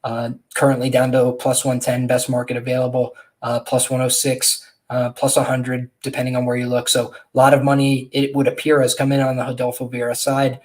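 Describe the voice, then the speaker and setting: A man's voice: mid-range voice, completely flat delivery, fairly quick, hardly any pauses. A man hosting a podcast, giving casual, rambling betting analysis of upcoming fights with frequent fillers and restarts. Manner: conversational, many fillers and restarts. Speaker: podcast host and fight handicapper.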